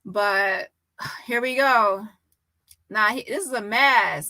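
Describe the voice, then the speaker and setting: A woman giving casual reaction commentary, animated and exclaiming with frequent laughter. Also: mid-range voice, slow pace.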